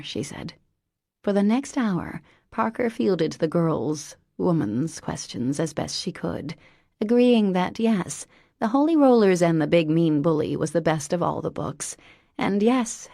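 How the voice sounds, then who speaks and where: A woman narrating a romance audiobook in an even, unhurried storytelling manner. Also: lowish voice, creaky, no room sound, clean studio sound. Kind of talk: scripted narration.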